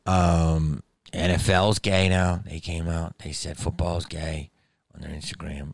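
Gravelly, low-voiced comedian in his fifties. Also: moderate pace, no room sound. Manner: profane, rambling storytelling. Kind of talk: comedic monologue.

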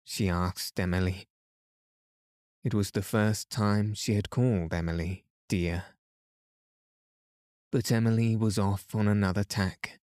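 A man calmly reading a classic novel aloud as a bedtime story for a sleep podcast, soothing and unhurried. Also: lowish voice, dry recording, studio quality. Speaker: podcast narrator.

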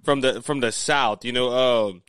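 A man's voice: medium pitch, normal speed, fairly bright tone, dry recording. A man from Louisiana with a Cajun accent, hosting a casual political talk show in a folksy, rambling way. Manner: folksy, repeats and restarts often. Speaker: podcast host. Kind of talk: casual conservative talk chat.

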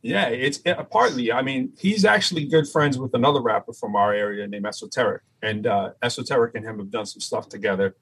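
A man from Massachusetts with a Boston accent, a rapper and teacher chatting in an interview and telling animated stories. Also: mid-range voice, brisk, few pauses, husky, poor audio. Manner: animated storyteller, does voices, laughs often. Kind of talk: casual interview chat.

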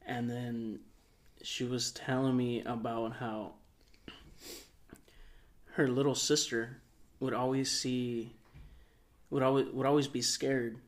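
A young man with a middle-pitched voice spins out a long anecdote on a podcast. He talks in a relaxed, meandering way, full of fillers and small restarts. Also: slow pace, long pauses. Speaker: podcast co-host. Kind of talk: casual storytelling.

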